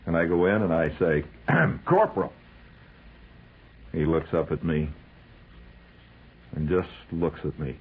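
A man telling a comic, wry story about army life, acting out the shouted calls. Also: very deep voice, little pitch movement, normal speed, long pauses, slight background noise, rough recording.

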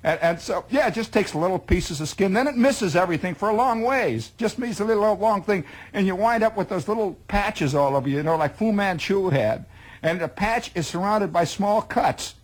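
A man's voice: high voice, lively intonation, moderate pace. A man telling a spoken monologue in a wry, exaggerating manner. He stacks up details and often repeats words as he goes. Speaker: storyteller.

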